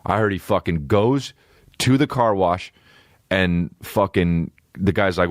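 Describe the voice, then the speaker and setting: A man hosting a comedy podcast, riffing in a profane, animated rant full of repeated phrases. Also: low-pitched, moderate pace, dry recording, studio quality. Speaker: podcast host.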